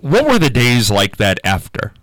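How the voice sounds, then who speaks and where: A man's voice: mid-range voice, wildly swooping pitch, moderate pace, a bit bright, no echo. A man interviewing a guest with probing, thoughtful questions.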